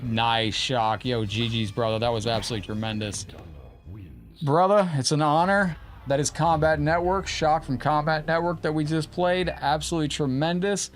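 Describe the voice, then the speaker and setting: A man hosting a live gaming stream, chatting casually and excitably, praising his opponent and thanking viewers. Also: on the high side, moderate pace. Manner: chatty and informal, often profane.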